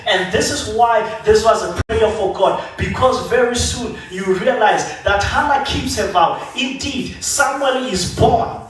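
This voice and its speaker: Animated preacher in an echoey church. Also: male voice, sits high, unhurried, few pauses. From South Africa. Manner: animated storytelling, acting out biblical figures. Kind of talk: sermon. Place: church sanctuary. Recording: echoey church hall from far off.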